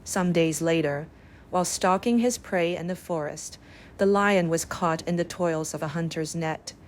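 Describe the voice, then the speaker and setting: Calm, low-voiced woman telling bedtime stories. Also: normal speed. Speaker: storyteller. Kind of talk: bedtime story narration.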